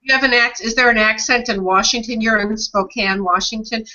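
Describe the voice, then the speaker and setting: Bright, chatty woman co-host. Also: fairly high pitch, fairly quick. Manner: lively and chatty, enthusiastic about words. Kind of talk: casual chat. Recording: muffled lo-fi audio.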